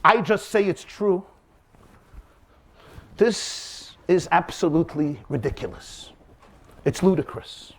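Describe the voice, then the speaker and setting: Rabbi guy giving a lesson, high voice that jumps all over, really dramatic storytelling. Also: expressive, takes it slowly, pauses often. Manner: dramatic storyteller, emphatic and rhetorical. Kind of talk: lecture on faith with acted-out anecdotes.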